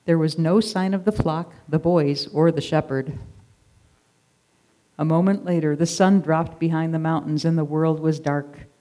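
Expressive narrator reading a children's story aloud. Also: mid-range voice, measured pace.

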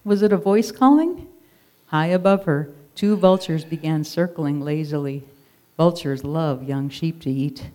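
Expressive narrator reading a children's story aloud. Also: mid-range voice, measured pace.

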